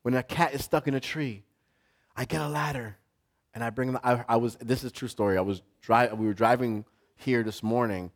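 A male pastor preaching a sermon to a live congregation, building from quiet talk to shouting. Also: medium pitch, fairly even intonation, fairly quick.

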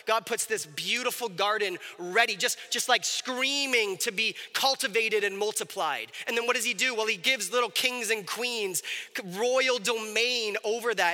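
A man with a high, ringing voice delivers a sermon in a relaxed, conversational way, checking in with the room as he goes. His voice is very bright and cutting. A long hall reverb trails each phrase. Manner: conversational, animated, asks the audience questions. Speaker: pastor.

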